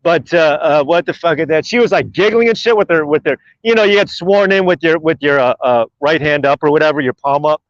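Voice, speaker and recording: A man's voice: on the high side, a little fast, hardly any pauses, no room sound. Profane ranting man in a car. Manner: profane, rambling, opinionated. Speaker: livestream host. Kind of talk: ranting live stream while driving. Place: in a car in traffic. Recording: muffled dry car recording.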